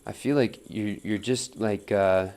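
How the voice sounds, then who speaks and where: A man giving a relaxed live pottery demonstration at the wheel, talking through each step on a wireless mic in his studio. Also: on the low side, unhurried. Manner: relaxed, talks while working at the wheel, reads chat aloud. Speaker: pottery teacher streaming a demo. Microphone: wireless transmitter mic.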